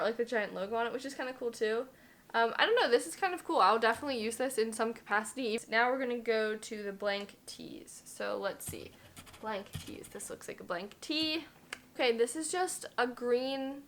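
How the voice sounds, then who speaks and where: A woman's voice: on the high side, a bit bright. Give me a chatty young woman in her twenties reviewing a thrift box, casual and self-deprecating. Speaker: thrift vlogger.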